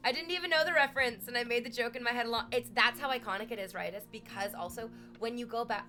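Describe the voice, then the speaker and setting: Young woman streaming, kinda high bright voice, rambly and sweary, faint music behind. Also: fast. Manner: animated, rambling and profane, quoting comedy bits with laughter. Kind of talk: casual live-stream chat.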